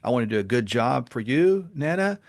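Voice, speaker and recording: A man with a gravelly voice speaks as a podcast guest. His voice sits at a medium pitch. He tells stories earnestly and gets animated as he goes. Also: fairly quick. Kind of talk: casual interview talk and storytelling.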